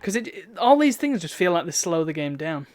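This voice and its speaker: A man's voice: a little high, very animated, brisk, a little mellow, slight background noise. Chatty man streaming a game. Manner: chatty, wry. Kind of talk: casual gameplay commentary.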